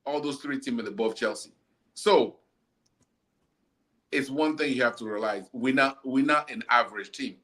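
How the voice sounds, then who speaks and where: A man's voice: mid-range voice, moderate pace, pauses often, a bit bright. A man hosting a casual football chat, ranting bluntly and repeating himself as he argues.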